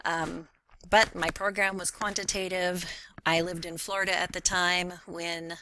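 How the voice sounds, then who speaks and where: A woman's voice: fairly low pitch, little pitch movement, unhurried, noisy background. A woman giving a recorded self-introduction for a class, speaking hesitantly and stumbling over her words with fillers. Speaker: faculty member taking a graduate class.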